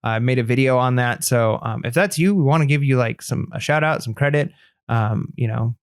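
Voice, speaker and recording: A man's voice: medium pitch, fairly quick, smooth, no room sound, studio quality. A man co-hosting a casual podcast, rambling and friendly, with many fillers. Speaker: podcast co-host.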